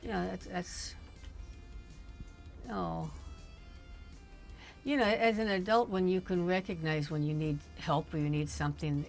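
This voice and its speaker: Older lady chatting, lowish voice, laughs a lot, faint music behind. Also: fairly even intonation, a little slow, creaky, pauses often, a little mellow. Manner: chatty storyteller, laughs often. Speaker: streamer's mother, guest. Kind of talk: casual chat.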